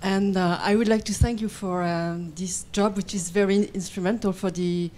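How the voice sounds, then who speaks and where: Woman in an audience, careful and halting, mellow voice. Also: medium pitch, fairly even intonation, a little hiss or hum. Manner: careful, halting, many fillers. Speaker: audience member. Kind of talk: asking a question at a conference. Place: conference hall.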